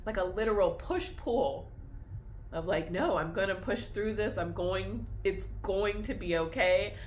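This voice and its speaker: Slow-talking, tearful young woman. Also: medium pitch, slight background noise. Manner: confessional, laughing through tears, back and forth. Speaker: vlogger. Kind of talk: candid personal vlog.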